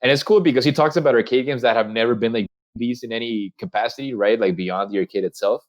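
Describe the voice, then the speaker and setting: A young man, a podcast co-host, rambles through a casual chat with friends, his talk full of fillers and restarts. He has a medium-pitched voice and speaks fast. The mic sounds muffled and lo-fi.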